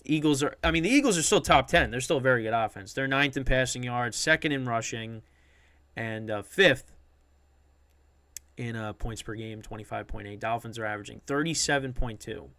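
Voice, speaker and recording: A man's voice: mid-range voice, normal speed, a bit bright, dry recording. A man hosting a sports podcast, talking loosely and unscripted with many restarts and fillers. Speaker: podcast host. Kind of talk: casual sports podcast talk.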